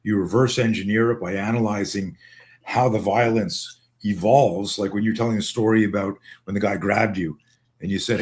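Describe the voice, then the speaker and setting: His pitch is fairly low and his speed normal. In a relaxed video call where he co-hosts, the man's Canadian American accent comes through as he talks emphatically, wanders off topic, and keeps starting over.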